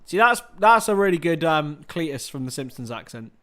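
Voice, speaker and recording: A man calling a match on his own livestream, loose and chatty with plenty of self-mocking jokes. His voice sits a little on the high side for a man. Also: big pitch swings, moderate pace, sharp tone. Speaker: livestream host. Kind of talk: casual watchalong commentary.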